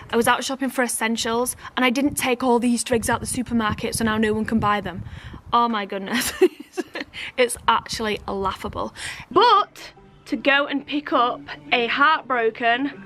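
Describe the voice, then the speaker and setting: A woman's voice: a little high, fairly bright tone, slight background noise. A woman, talking to camera in a casual vlog, exasperated and emphatic, laughing between points. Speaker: family vlogger.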